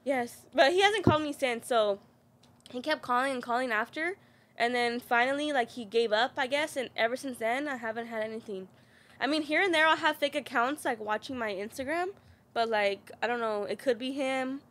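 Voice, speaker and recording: A young woman with a slightly high voice tells a story over casual podcast chat. She leans on "like" constantly and swears freely. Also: moderate pace, a bit bright. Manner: storytelling, heavy use of "like", swearing. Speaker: podcast guest.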